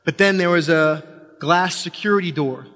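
A man's voice: on the high side, fairly bright tone. Man telling a personal story in a reverberant hall. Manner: halting, full of restarts, building tension with repetition.

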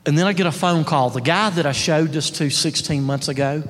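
A man telling his business story as a motivational testimonial, earnest and swinging between loud and hushed. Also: a little high, brisk. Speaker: marketing director giving a testimonial. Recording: long hall reverb.

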